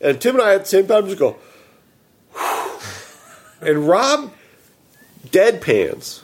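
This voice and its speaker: A man casually telling a story, animated and quoting himself and his friends. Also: sits high, slow.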